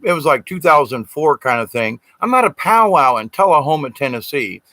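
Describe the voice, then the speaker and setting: A man's voice: fairly high pitch, sharp tone, no echo, rough recording. Earnest man telling a story. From Southern United States. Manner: rambling, earnest, acts out quoted voices. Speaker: spiritual storyteller. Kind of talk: casual storytelling.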